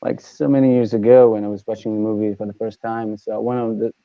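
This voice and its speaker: A man's voice: on the low side, level tone, fast, gravelly, dry recording, muffled recording. A man from Italy talking as a band guest in a casual interview, hesitant with many fillers and easy laughs.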